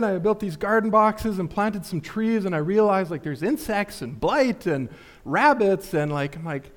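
Casual, chatty male preacher, higher voice. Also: animated, moderate pace. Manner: casual, filler-heavy, asks rhetorical questions. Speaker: pastor. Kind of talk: conversational sermon.

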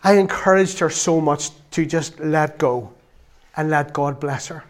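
Lay preacher, man, relaxed chatty church sermon, slightly high voice. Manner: conversational and self-deprecating, reads scripture slowly and loudly.

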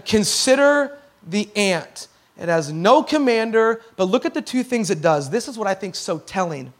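A man in his thirties preaching with a fairly high, light voice. He is animated and lively, acts out the people he quotes, and pushes up to near-shouts when he stresses a point. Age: 30s. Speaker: pastor. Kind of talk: sermon.

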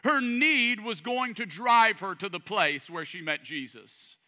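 A man preaching from the pulpit in a fairly high, piercingly bright voice. He reads scripture and presses his points home with building emphasis. His words ring out through a church hall with a long reverb. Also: expressive, unhurried. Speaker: pastor. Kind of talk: sermon. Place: church sanctuary.

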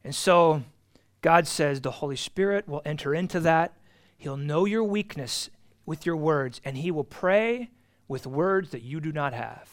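A man teaching an adult Bible class, earnest and emphatic, repeating key phrases and swinging between loud stresses and soft asides. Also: a little high, lively intonation, a little slow.

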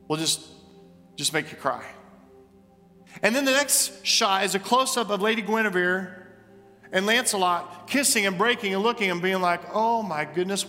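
Preacher guy, bright punchy voice, big echoey church, bit of music under. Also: sits high. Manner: animated storytelling, emphatic repetition. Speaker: pastor. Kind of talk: sermon. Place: church sanctuary.

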